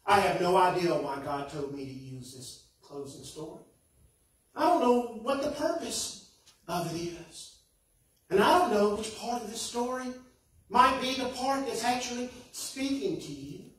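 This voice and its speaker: A man's voice: sits high, animated, a little slow, fairly bright tone. A man preaching a sermon as pastor, earnest, with rising and falling emphasis. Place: church sanctuary. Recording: echoey sanctuary from far off.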